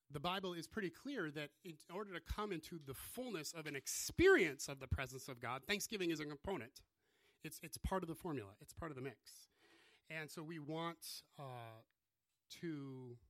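A man's voice: fairly high pitch, a bit bright, no room sound. A man from the US Midwest, preaching a casual, self-deprecating sermon. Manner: conversational, self-deprecating, joking asides. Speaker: pastor.

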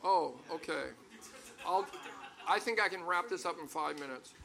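A man's voice: fairly high pitch, normal speed, creaky, background noise. An older man preaching a sermon to a congregation, talking conversationally with stories and then building to emphatic peaks. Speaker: pastor.

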